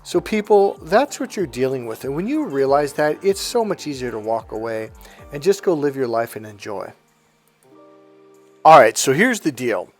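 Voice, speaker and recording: A man's voice: medium pitch, very animated, moderate pace, faint music behind. A middle-aged man talking bluntly and with profanity to camera as a self-help coach, acting out what family members said. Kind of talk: casual monologue to camera.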